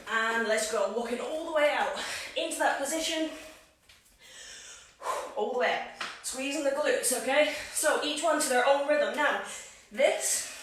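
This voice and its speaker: Leading a live home workout from a room at home, a woman fitness coach counts down reps and chats between sets, out of breath. Her voice is fairly high and fairly bright, with slight background noise, recorded in an echoey room with her far from the mic.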